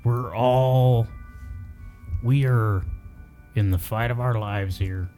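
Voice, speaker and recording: A man playing a tabletop role-playing game, reasoning calmly in character. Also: mid-range voice, slow, long pauses, faint music behind. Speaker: player.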